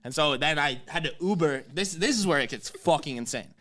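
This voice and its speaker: A man in his twenties telling a story in casual chat, animated, swearing and laughing as he goes. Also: on the high side, fairly quick. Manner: animated, swears often, laughs mid-sentence.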